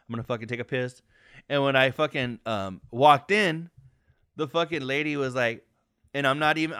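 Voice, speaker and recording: A man's voice: medium pitch, clean tone, no room sound, clean studio sound. A man co-hosting a podcast, telling stories in casual chat, swearing a lot and acting out the people he quotes. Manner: profane, animated storyteller acting out quotes. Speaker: podcast co-host.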